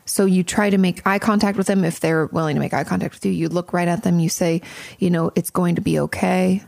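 A woman's voice: on the low side, fairly even intonation, fast talker, vocal fry, a little mellow, dry recording. A woman therapist hosting an advice podcast, talking in a chatty, frank way and swearing casually.

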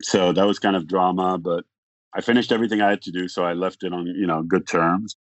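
A man talking as a podcast guest, telling a long story in a rambling way, acting out the other people's lines and filling pauses with "like". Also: deep voice, steady tone, no room sound, dull audio. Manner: rambling, acts out quoted dialogue, frequent "like". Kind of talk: casual storytelling.

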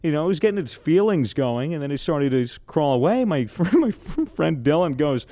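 A man's voice: fairly high pitch, fairly quick, no echo. Young man telling a story on a podcast, dry sound. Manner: animated storyteller, swears freely. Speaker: podcast host. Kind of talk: casual podcast chat.

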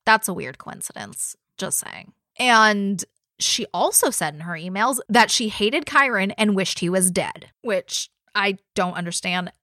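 A woman co-hosting a true crime podcast in casual chat, animated and laughing, swearing often. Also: mid-range voice, unhurried, no echo, clean studio sound. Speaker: podcast co-host.

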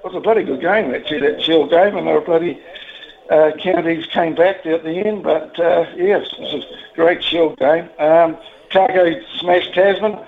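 A man's voice: on the high side, normal speed. A man with a New Zealand accent calling in to a radio show, talking bluntly and emotionally, rambling and swearing casually. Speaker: radio caller. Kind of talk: casual phone-in chat. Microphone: telephone. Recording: tinny phone line.

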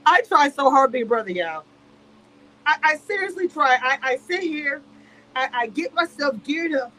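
With slight background noise and low-quality audio, a woman reviews a reality show during a live stream in a high, sharp, expressive voice at a moderate pace. Her casual commentary rant is emphatic and repetitive, and she sounds heated and exasperated.

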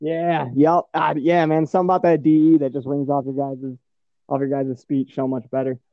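A man's voice: a little high, level tone, fairly quick, no echo, highs cut off. A man from Michigan with a Midwestern American accent, hosting a podcast in casual, profane, rambling chat full of fillers. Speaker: podcast host.

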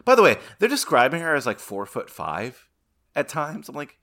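Bright-voiced laughing podcast man. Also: moderate pace. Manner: animated, laughs often, acts out quotes in a higher voice. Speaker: podcast co-host. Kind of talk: casual film-review chat.

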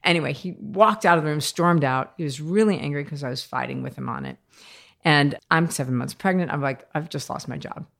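An American woman, a podcast guest, telling workplace stories in a lively conversational way, often laughing as she talks. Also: low-pitched, brisk, creaky. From United States. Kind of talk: conversational storytelling interview.

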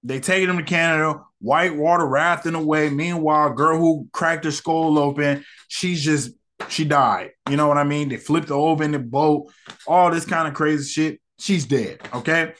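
A man's voice: on the high side, steady tone, moderate pace, fairly bright tone. A man hosting a podcast, giving a casual, slangy movie review and acting out characters' lines.

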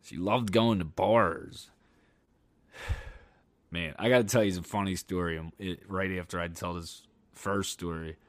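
A young man with a lowish voice talks straight into a dry, close mic. He hosts his own podcast and tells frank, cursing stories about dating. When he retells the fright, he climbs high and loud. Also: measured pace, dry recording. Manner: candid and profane, animated when retelling a scare. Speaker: podcast host. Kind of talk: casual storytelling monologue.

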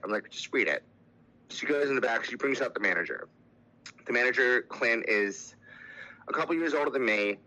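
A man's voice: fairly low pitch, pushed and bright, rough recording. Candid young man telling a hard story. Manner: candid, halting, with many fillers and restarts. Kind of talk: personal recovery story.

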